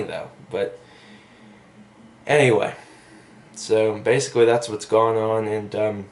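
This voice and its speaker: A young man telling a story in a casual vlog, rambling with lots of fillers and asides, recorded on a camera mic. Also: lowish voice. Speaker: vlogger.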